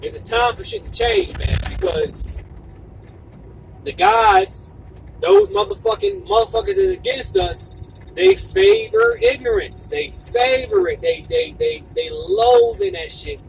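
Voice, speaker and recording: Fiery high-pitched man ranting to camera. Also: very animated, measured pace, gravelly, recorded from a distance, slight background noise, poor audio. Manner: fervent, profane, repetitive and emphatic, sometimes shouting. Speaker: video blogger. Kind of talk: impassioned monologue to camera.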